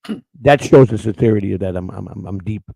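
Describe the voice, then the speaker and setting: A man's voice: on the low side, fast, gravelly, mellow, no echo. A man hosting a live-streamed show, talking in a rambling, emotional way, repeating words and getting choked up. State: emotional, near tears. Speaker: show host.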